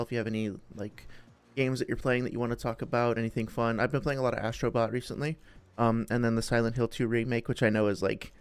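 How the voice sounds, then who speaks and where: A man's voice: medium pitch, smooth. Rambling, friendly young man chatting. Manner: rambling, friendly, many fillers and restarts. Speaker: streamer host. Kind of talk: casual chat with live chat.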